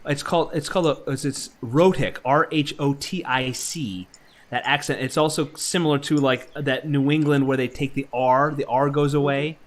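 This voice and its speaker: A man's voice: mid-range voice, steady tone, moderate pace. A man co-hosting a casual group podcast, rambling through history trivia with many fillers and restarts. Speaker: podcast co-host.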